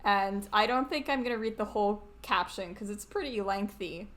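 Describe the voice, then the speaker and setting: A woman's voice: medium pitch, moderate pace, fairly bright tone. A woman co-hosting a podcast, chatty and laughing often. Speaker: podcast co-host. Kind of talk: casual podcast chat.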